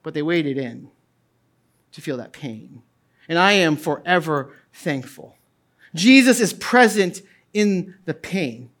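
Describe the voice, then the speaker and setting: A middle-aged man preaching a sermon as pastor, moving from hushed tones to loud calls, with casual asides. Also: fairly high pitch, expressive, slow pace, long pauses. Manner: impassioned, swings from quiet to loud.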